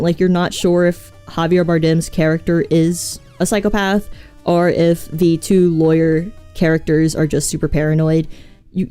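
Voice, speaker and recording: A woman vtuber streamer with a lowish, warm voice chats casually, rambling about films. She reads viewers' messages aloud and answers them.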